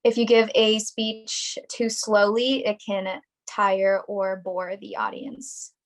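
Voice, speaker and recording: A young woman presents a student workshop from home over a video call. She reads from a prepared script in a clear, deliberate, instructional way. Her voice sits at an ordinary middle pitch. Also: level tone, poor audio.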